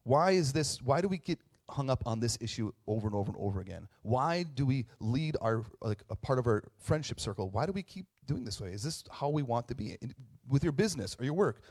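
A man's voice: mid-range voice, expressive, brisk, a little mellow, slightly rough. A man in his thirties, a pastor, giving a casual conversational sermon, chatty with tag questions and restarts, joking at his own expense. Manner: self-deprecating humor.

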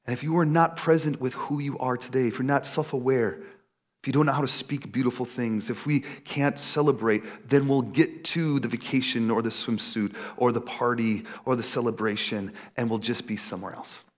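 A man in his thirties preaching a casual, animated sermon, acting out little quotes. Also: moderate pace. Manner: animated, acts out quotes in a high voice. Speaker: pastor.

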